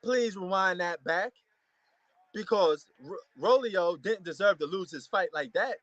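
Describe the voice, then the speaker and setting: Excitable high-voiced man reacting to a fight. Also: unhurried, no echo, muffled recording. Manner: excitable, repeats himself, slangy. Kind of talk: casual live reaction commentary.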